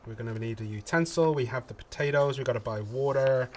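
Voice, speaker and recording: A man's voice: medium pitch, quick pace, a little mellow, a little hiss or hum. A man from England co-hosting a casual livestream game tutorial, chatty with lots of ums and restarts. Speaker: community manager co-hosting a game tutorial stream.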